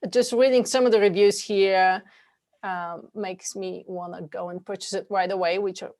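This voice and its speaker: A woman hosting an interview podcast over a remote call, friendly and given to soft laughs. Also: medium pitch, steady tone, normal speed. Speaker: podcast host.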